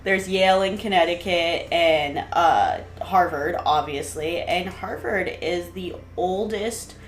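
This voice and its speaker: A young woman co-hosts a casual podcast, rambling in an animated, slangy way. Her voice sits a little low. The room echoes noticeably, with a faint hiss underneath. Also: slow. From New England. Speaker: podcast co-host. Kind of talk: casual chat.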